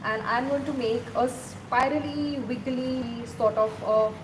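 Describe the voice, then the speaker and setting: Brief: Indian English woman, doodle teacher, fairly high voice, instructive and chatty, faint ambient noise behind. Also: steady tone, measured pace. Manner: instructive, checks in often with the viewer. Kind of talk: casual step-by-step drawing tutorial.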